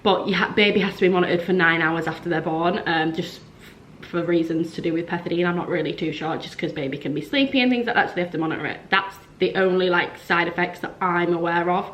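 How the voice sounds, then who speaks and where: Young woman, vlogger, slightly low voice, chatty storytelling with lots of "like". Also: quick pace, fairly bright tone, slight background noise. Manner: chatty, frequent "like", acts out quoted dialogue. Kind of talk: casual storytelling to camera.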